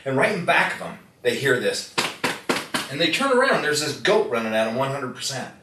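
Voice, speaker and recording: Folksy man pitching to a crowd. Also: big pitch swings, brisk. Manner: folksy storyteller who quizzes the crowd. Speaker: product demonstrator. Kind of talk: live sales demonstration to an audience. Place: indoor room with audience. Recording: echoey room, distant mic, faint noise.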